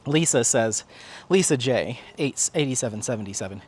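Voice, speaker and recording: A man hosting a casual vlog outdoors at a park, chatty and animated, laughing often as he talks. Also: medium pitch, moderate pace, slightly rough. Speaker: vlog host. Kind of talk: casual walk-and-talk vlog chat.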